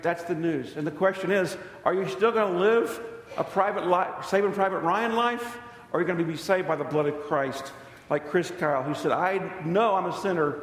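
A male pastor delivers a sermon in a fairly high voice, telling stories and acting out the dialogue inside them. The sound rings through a church hall with a long reverb tail. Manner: storytelling preacher, acts out quoted dialogue.

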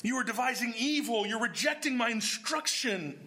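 A man's voice: extremely high pitch, animated, normal speed, sharp tone. A man preaching a sermon, explaining scripture verse by verse and putting questions to his congregation. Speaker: pastor.

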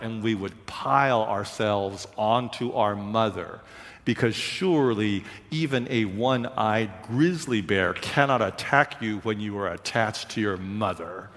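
A male preacher telling a story in a sermon, with an animated, dramatic, repetitive cadence. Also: fairly low pitch. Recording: long hall reverb.

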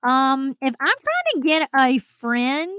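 A fairly high-voiced woman talks straight to her listeners in a solo podcast. Her manner is bubbly and chatty, and she laughs often. The sound is dry and close. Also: very animated, takes it slowly, fairly bright tone, no echo. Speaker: podcast host.

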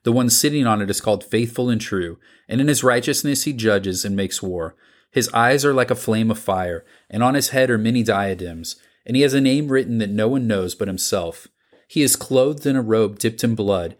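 A man reading scripture aloud in a measured, deliberate way, pausing between the items of each list. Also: on the low side. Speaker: scripture reader.

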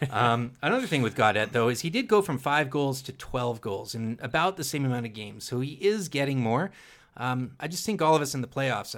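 A man co-hosting a casual sports podcast, relaxed, asking his co-hosts questions. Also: medium pitch. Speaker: podcast co-host.

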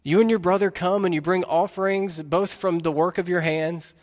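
A man's voice: sits high, steady tone, moderate pace. A man preaching a sermon as pastor, earnestly putting questions to his listeners. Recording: long reverb of a large hall.

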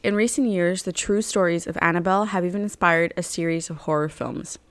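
A woman's voice: lowish voice, fairly quick, dry recording. A young woman co-hosting a casual true-crime podcast, reading her notes aloud between laughs and banter. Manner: laughs often, reads narration then banters. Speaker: podcast co-host.

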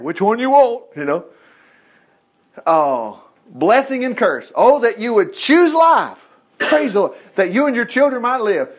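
A man teaching from the Bible in an informal sermon, reading verses aloud and breaking in with excited asides. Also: high voice. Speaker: preacher.

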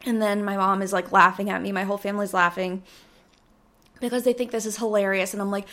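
A young woman hosting a podcast, telling a story in a casual, animated, rambling way, with lots of "like" and some swearing. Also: mid-range voice, fast. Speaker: podcast host.

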